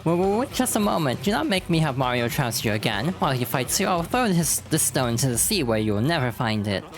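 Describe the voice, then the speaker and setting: Girl putting on a peacock-y video game sailor guy, wheedly and high, game music under it. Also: big pitch swings, fairly quick, heavily acted. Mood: wheedling. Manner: raised, showy, wheedling delivery. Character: flamboyant smooth-talking young male sailor, vain.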